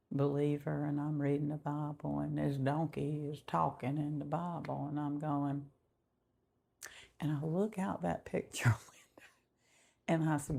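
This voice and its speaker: A middle-aged woman giving a slow, heartfelt personal faith testimony, often dropping to a whisper. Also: low voice, dark tone. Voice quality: gravelly and very husky. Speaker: testimony vlogger.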